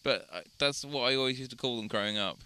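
A man's voice: mid-range voice, fast, pushed and bright, clear, resonant tone. A young man co-hosting a casual podcast, telling jokey stories and swearing casually. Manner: joking storyteller, swears casually. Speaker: podcast co-host. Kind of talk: casual chat.

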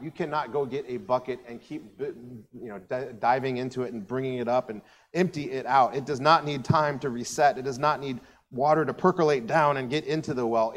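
A man's voice: medium pitch, big-room sound, slight background noise. A man preaching a conversational sermon as a pastor, telling the story casually with frequent asides. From United States. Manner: animated storytelling, acting out quoted voices; casual asides and filler words.

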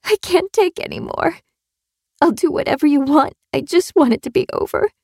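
A woman doing a terrified young captive, pleading high. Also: animated, moderate pace, creaky, a little mellow, no room sound, studio quality. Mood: desperate. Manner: pleading, screaming and whimpering.

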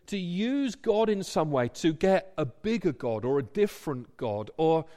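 A man, preaching a sermon to his congregation and acting out imagined voices. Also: a little high. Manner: animated, acts out imagined voices.

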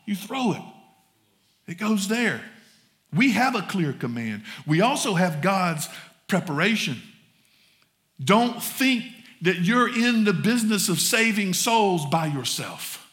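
Folksy Southern pastor, high bright voice. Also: male voice. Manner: folksy, addresses congregation as y'all. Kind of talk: sermon. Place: church sanctuary.

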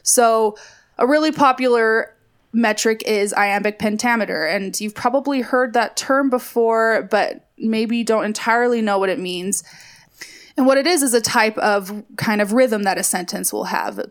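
A woman's voice: medium pitch, measured pace. A woman co-hosting a podcast, explaining a poem in a conversational, explanatory way. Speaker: podcast co-host. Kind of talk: casual literary discussion.

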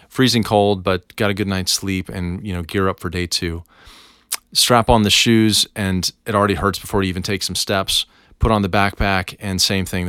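Low-voiced guy, smooth and clear, easygoing storytelling, dry close mic. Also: bright, forceful tone, no echo. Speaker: devotional podcast host. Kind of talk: reflective personal storytelling.

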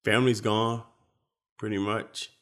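A young man in casual conversation, rambling and profane, sometimes breaking into loud mock speeches. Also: lowish voice, flat delivery, unhurried. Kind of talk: casual chat.

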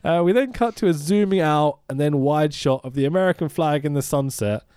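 A man's voice: fairly high pitch, brisk, a little mellow, clean tone, dry recording, studio quality. A man casually recapping a film with a friend, laughing often and swearing as he goes. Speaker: podcast co-host. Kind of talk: casual movie review chat.

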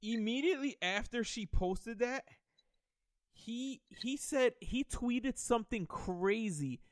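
A young man hosting a podcast in casual chat, excitable and profane, laughing often and restarting his sentences. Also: very high voice, takes it slowly, dry recording, clean studio sound. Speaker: podcast host.

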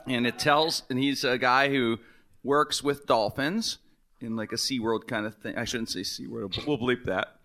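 A man's voice: mid-range voice, normal speed, pushed and bright. A man hosting a casual comedic podcast chat, teasing his guests and laughing often. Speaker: podcast host.

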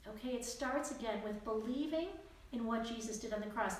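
A woman's voice: a little high, a little fast. A woman leading a casual Bible study, speaking earnestly and conversationally, with frequent fillers and restarts. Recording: very echoey room with faint noise.

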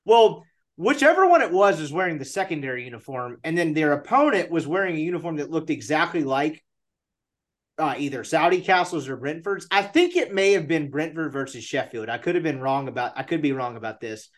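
A man's voice: fairly high pitch, animated, brisk. A man hosting a casual sports chat, poking fun at himself as he asks questions. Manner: self-mocking and joking.

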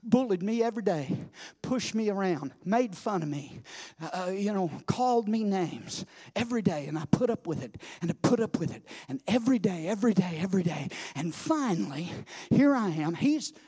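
A high-voiced male preacher delivers a sermon. He drops into hushed storytelling, then climbs to loud, shouted climaxes, repeating phrases for weight. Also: expressive, moderate pace, hardly any pauses, breathy edge.

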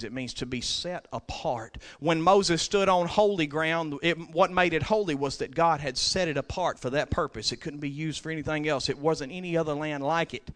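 A man preaching a sermon, moving between quiet scripture reading and loud, soaring declarations. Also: high voice.

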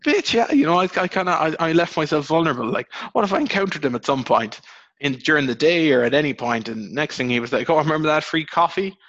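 A young Irish man chatting fast on a podcast, rambling and cursing as he tells his stories, his voice leaping high when he gets worked up. The sound is dry and a bit dull, like a cheap close mic. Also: dry recording. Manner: rambling, swears, animated storytelling with pitch jumps. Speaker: podcast host. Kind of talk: casual podcast chat.

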